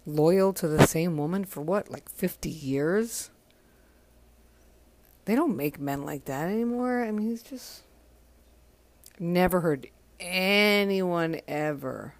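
Weary low-voiced woman, soft and halting. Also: expressive, no echo. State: exhausted from crying. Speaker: podcast host. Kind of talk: casual spoken tribute monologue.

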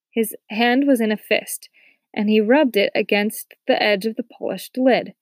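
A woman narrating a novel aloud with steady, soft-spoken storytelling. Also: a little high, a little slow, dry recording. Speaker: audiobook narrator. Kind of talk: scripted narration.

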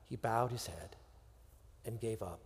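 A man preaching a sermon, with dramatic pauses and drops to a hushed voice. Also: fairly low pitch, in a large hall. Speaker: pastor.

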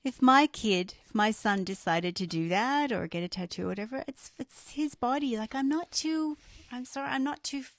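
A woman's voice: a little high, lively intonation, moderate pace, no room sound. A woman co-hosting a podcast, frank and teasing in easygoing chat. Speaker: podcast co-host. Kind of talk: casual chat.

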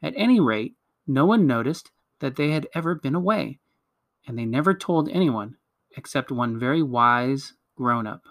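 A man reading a children's novel aloud at a measured pace, with occasional slips he corrects. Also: medium pitch, expressive, fairly bright tone, no room sound, studio quality. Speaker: reader.

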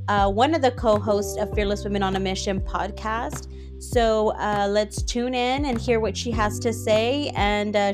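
A woman podcast host giving an upbeat, sing-song welcome to her show. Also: fairly high pitch. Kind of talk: podcast intro.

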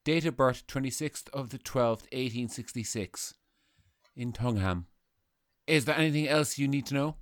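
A lovesick poet with a soft Sligo Irish lilt, put on by a man, reciting his longing in dreamy, poetic lines. The voice is smooth and resonant, recorded close and dry. It is played for laughs in a comedy sketch. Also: medium pitch, moderate pace, dry recording, close to an everyday voice. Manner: wistful, speaks in poetic lines. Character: lovesick older male poet, dreamy, single-minded.

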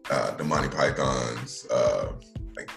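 A man's voice: a bass voice, slow, vocal fry, fairly bright tone, roomy sound, soft background music. An American man chatting casually and joking, with many "like" fillers. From United States. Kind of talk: casual comedic chat.

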